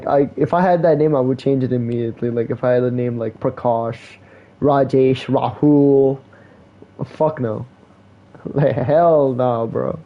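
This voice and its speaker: A man's voice: mid-range voice, fairly even intonation, unhurried. A young man from India chatting casually while streaming a game, slangy, joking and profane, full of "like" and "bro". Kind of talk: casual gaming stream chat. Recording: dull lo-fi stream audio.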